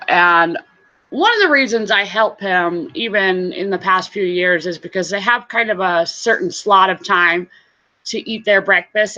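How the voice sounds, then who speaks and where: This reseller and live-stream host has a lowish voice with a sharp tone. She keeps things casual, saying hello to viewers by name and laughing a lot, all over slightly muffled lo-fi audio.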